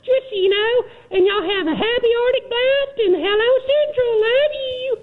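A woman calling in while doing an impression of a famous female country singer, gushing out shout-outs. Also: very high voice, moderate pace. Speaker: caller. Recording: tinny phone line.

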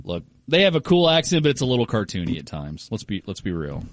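A man's voice: on the low side, big pitch swings, quick pace, no echo. A man hosting a radio show, chatting casually and teasing his co-hosts with playful questions. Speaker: radio host. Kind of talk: casual on-air chat.

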